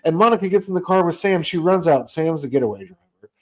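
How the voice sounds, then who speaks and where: A man co-hosts a casual comic book podcast, animatedly retelling a comic's plot and acting out the characters' lines. His voice is fairly high-pitched and animated, and he talks at a quick pace.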